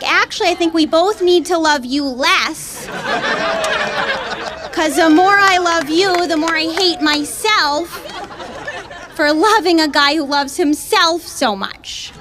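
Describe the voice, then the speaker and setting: A woman with a notably high voice performs stand-up in a comedy club. Her delivery is chatty and a little hesitant, full of small fillers. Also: unhurried, fairly bright tone, slight background noise. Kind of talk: stand-up set.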